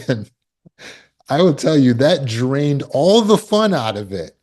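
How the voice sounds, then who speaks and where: A man's voice: mid-range voice, very animated, slow pace, darkish tone. A man coaching on trauma recovery in a casual talk, telling stories and acting out quoted people with big jumps in his voice.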